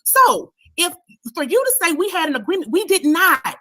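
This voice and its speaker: High bright lady holding her ground on a live stream, insistent. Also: very animated, moderate pace. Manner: firm, insistent, interrupting. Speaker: panelist. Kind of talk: heated live-stream argument.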